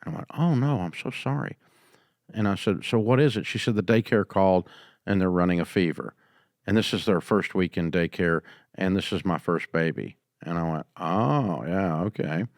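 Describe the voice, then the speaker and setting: An older man hosting a business advice show, answering a caller in a folksy storytelling way and going quieter when he quotes people. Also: low-pitched, normal speed, dry recording, studio quality. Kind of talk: call-in advice talk.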